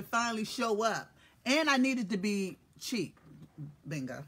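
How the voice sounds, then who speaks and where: Husky-voiced woman hosting a playful live stream. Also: mid-range voice, big pitch swings, measured pace. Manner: playful, teasing, profane, shouts out to commenters by name. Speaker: host of a morning live stream. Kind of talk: casual solo live-stream chat, greeting viewers. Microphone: phone or webcam live stream.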